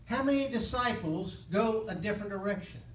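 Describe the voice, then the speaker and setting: A man's voice: sits high, expressive, a little fast, a bit bright, a little hiss or hum. A man teaching a Bible lesson as an interactive sermon, earnestly calling out questions for his listeners to answer. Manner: call-and-response, prompting listeners to finish phrases; earnest and impassioned. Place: church hall with live listeners. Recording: echoey room from a distant mic.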